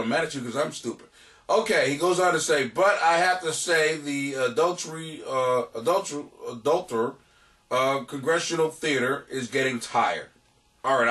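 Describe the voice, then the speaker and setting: A man hosting a comedy podcast, reading listener letters and answering them in a loud, crude, animated way. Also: fairly high pitch, far from the mic. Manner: loud, crude, animated, laughing at his own jokes. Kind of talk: casual profane comedic advice. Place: home basement.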